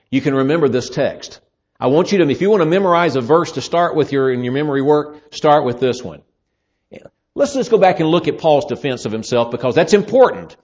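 Male preacher, fairly high voice, animated sermon delivery, muffled lo-fi recording. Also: brisk. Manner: lively, acts out voices in Bible scenes.

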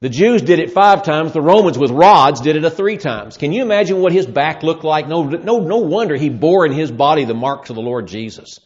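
Lively preacher with lo-fi sound. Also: male voice, on the high side, a little fast, few pauses. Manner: lively, acts out voices in Bible scenes. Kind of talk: sermon. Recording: muffled lo-fi sermon recording.

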